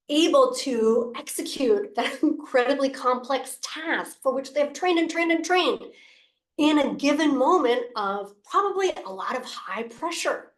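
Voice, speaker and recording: A leadership coach with a fairly high voice gives a motivational talk straight to camera in an echoey room. She's expressive and playful, often breaking into gasps and laughter.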